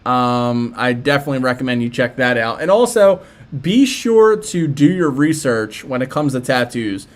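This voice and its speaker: A man's voice: mid-range voice, animated, normal speed. Laid-back Philly-accented young man. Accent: Philadelphia. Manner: laid-back, rambling, with frequent fillers and restarts. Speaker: livestream host. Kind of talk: casual live-stream chat reacting to viewer messages.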